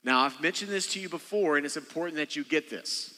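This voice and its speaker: A man's voice: fairly high pitch, quick pace, bright, forceful tone. A man, a senior pastor, preaching a sermon in a loose, conversational way that often doubles back on itself. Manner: conversational, rambling preaching with frequent restarts and "okay". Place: church sanctuary. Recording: long hall reverb.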